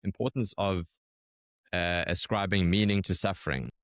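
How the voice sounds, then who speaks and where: Male podcast host with a very deep, smooth voice; thoughtful, measured replies. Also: fairly bright tone, no room sound, clean studio sound. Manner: thoughtful, measured, some restarts. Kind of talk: reflective interview talk.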